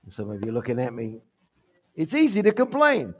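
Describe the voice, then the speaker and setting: A male pastor preaching a sermon in a church sanctuary, emphatic and repetitive, swinging from quiet, low asides to loud climaxes. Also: wildly swooping pitch, brisk, slightly rough.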